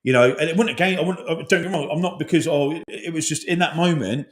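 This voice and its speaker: A man's voice: fairly high pitch, fast talker. A man in his forties, an army veteran, talking openly and emotionally in a casual podcast chat, swearing often and rambling. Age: 40s.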